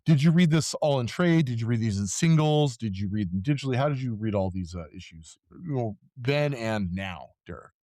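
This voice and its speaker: Fast-talking chatty man, dry sound. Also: mid-range voice, lively intonation, warm tone, no room sound. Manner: quick, chatty storyteller. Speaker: podcast co-host. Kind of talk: casual chat.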